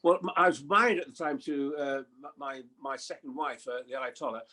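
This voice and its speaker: A man in his seventies chatting as a guest, telling lively stories with chuckles and impressions. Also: mid-range voice, fairly quick. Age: 70s. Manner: lively storyteller, chuckling, mimics voices. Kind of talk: anecdotal chat.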